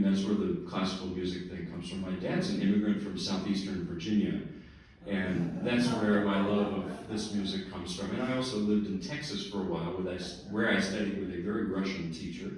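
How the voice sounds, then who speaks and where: A man's voice: low voice, heavy reverb, distant mic, rough recording. A man, a pianist, chatting between pieces at a recital and telling stories with easy asides. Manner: relaxed storytelling with laughs and asides. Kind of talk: lecture-recital remarks. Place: recital hall.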